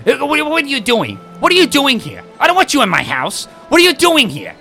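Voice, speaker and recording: A man putting on the voice of his girlfriend's cranky, sulking father, shrill and whiny. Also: level tone, unhurried, pushed and bright, soft background music, exaggerated voice. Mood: indignant.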